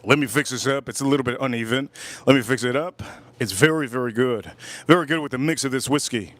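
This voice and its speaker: A man's voice: mid-range voice, fast talker, fairly bright tone. A man hosting a casual livestream review of cigars and whiskey, enthusiastic, laughing often and repeating his words.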